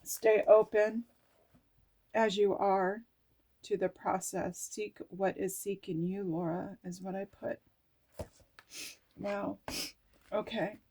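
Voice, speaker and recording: Emotional lady reading oracle cards out loud, real slow, musing to herself, swears a bit. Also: mid-range voice, fairly even intonation. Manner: emotional, musing aloud, swears casually, drifts between hushed and lifted. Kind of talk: slow personal reflective talk, reading aloud from cards and journal.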